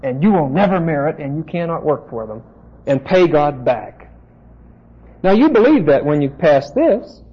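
A fairly high-pitched man with a breathy edge preaches a Bible sermon, pressing his points emphatically and insistently and directing asides to the audience. The tape recording is dull and lo-fi.

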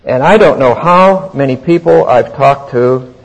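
A man teaching the Bible verse by verse in a deliberate, emphatic way. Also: mid-range voice. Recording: long hall reverb.

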